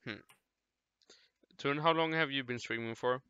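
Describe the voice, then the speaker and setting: A young man in casual gaming chat, excitable and quick to react. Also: medium pitch, clear, resonant tone, dry recording. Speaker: gamer. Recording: dull, lo-fi mic.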